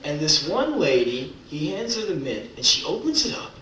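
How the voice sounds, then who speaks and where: A young man doing a profane, comic spoken-word performance on a club stage, breaking into shouted mock rants. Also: on the high side, big pitch swings, normal speed, slight background noise. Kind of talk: live spoken word storytelling. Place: club stage before a live audience. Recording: roomy club live recording from a distance.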